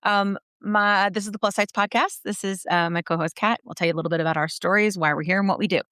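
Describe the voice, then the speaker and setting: A woman hosting a podcast in a chatty, upbeat way with quick asides. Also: medium pitch, steady tone, pushed and bright, dry recording. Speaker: podcast host. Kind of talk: casual podcast chat and ad read.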